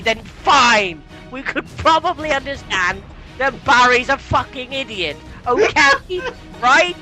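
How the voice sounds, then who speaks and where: A British man hosting a comedy show, swearing and ranting in exasperation with sudden shouts. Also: extremely high pitch, sing-song, measured pace, soft background music, poor audio. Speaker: host. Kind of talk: comedic rant.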